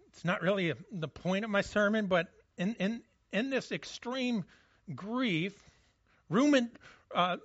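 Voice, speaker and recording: Earnest pastor, higher voice. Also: male voice, fairly bright tone, no echo, highs cut off. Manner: earnest, often repeats words as he restarts. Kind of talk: sermon.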